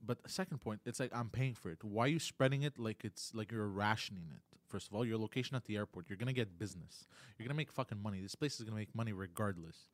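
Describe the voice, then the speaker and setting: Fast-talking man telling a rant story. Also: fairly low pitch, no echo. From Montreal area. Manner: animated storytelling with lots of "you know" and "bro". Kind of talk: casual podcast chat.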